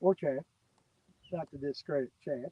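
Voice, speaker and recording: A man chats and teases his buddy while fishing on a lake. His voice sits a bit high, and he talks in an easy, drawling banter. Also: moderate pace, husky, phone-quality sound. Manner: joking, drawling banter with a friend. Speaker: fishing video host. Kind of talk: casual chat while fishing. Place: outdoors on a boat on a lake.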